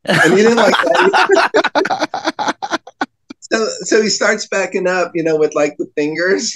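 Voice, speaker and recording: Guy telling wild stories on a podcast, kinda high voice, does little voices for people. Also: slow pace, pauses often. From New Jersey. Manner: animated anecdotes, slips into voices for other people. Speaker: guest. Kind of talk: casual storytelling.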